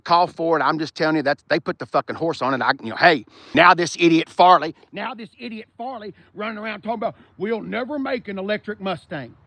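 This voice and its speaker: A middle-aged man with a drawl, cursing freely as he gives blunt, opinionated takes. His voice sits a little high and swings widely up and down. The sound is dry and close. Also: fairly bright tone, dry recording. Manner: profane, opinionated ranting. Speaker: car reviewer host. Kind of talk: casual walk-around car review.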